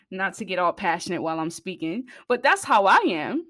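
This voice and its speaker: A woman telling a personal story to her viewers in a casual way, blunt and profane, getting louder and higher when she gets heated. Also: fairly quick, hardly any pauses, dry recording, clean studio sound. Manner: blunt, profane and animated, rising in pitch and volume when heated. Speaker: vlogger.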